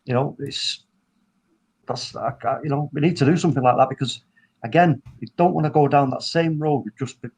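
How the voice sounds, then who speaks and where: A man hosting a casual football chat over a video call, talking in animated, rambling bursts full of restarts. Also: medium pitch, a little fast, breathy edge, rough recording. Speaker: football podcast host.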